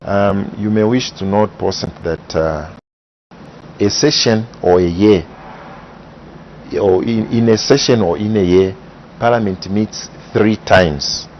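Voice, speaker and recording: A man, explaining parliament procedure in measured, methodical interview answers. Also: lowish voice. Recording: dull broadcast audio with faint hiss.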